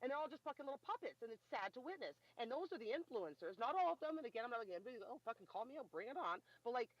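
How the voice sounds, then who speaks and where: A woman ranting hard in a casual political talk, swearing often and talking quickly over a remote call. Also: a little high, muffled recording. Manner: fast, animated, swearing a lot. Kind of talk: heated casual rant.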